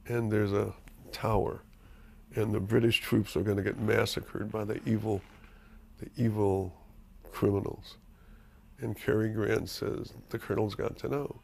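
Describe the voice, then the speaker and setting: An older man with a gravelly, creaky voice tells stories candidly in an interview. He is animated and emphatic and swears freely. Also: on the low side. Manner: animated storyteller, profane and emphatic. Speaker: screenwriter being interviewed.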